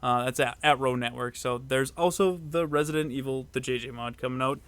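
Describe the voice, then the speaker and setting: A man co-hosting a casual podcast, chatting loosely with many fillers and quick bursts of excitement. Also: mid-range voice, smooth. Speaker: podcast co-host, mod maker.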